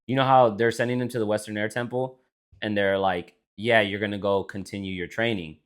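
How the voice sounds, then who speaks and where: A man's voice: lowish voice, fairly even intonation, fairly quick. A man co-hosting a casual podcast chat, rambling and swearing, with frequent restarts. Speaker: podcast co-host.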